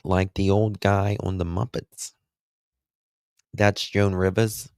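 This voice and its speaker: A man's voice: low-pitched, flat delivery, slow, darkish tone, no room sound, clean studio sound. A man hosting a true crime livestream, chatting with viewers in a casual, emphatic way. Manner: emphatic, chatty, talks to the chat.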